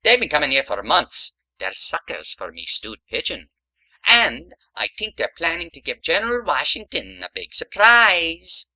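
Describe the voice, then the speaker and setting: A woman playing a lively young Irish maid, with a put-on Irish brogue and a teasing, sing-song delivery. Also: sits low, a little slow, exaggerated voice, low-quality recording. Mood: chatty. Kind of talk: stage comedy acting.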